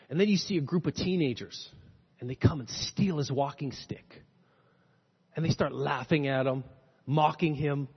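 A man preaching a sermon as a pastor, animated and swinging from loud, emphatic lines to hushed, low ones, recorded in a church sanctuary. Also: husky. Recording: dull lo-fi recording in a reverberant hall.

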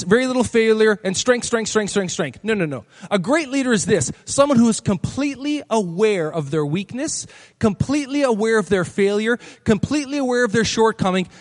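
A pastor preaching a sermon to a congregation, emphatic, repeating phrases and asking the crowd questions. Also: male voice, high voice. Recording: long hall reverb.

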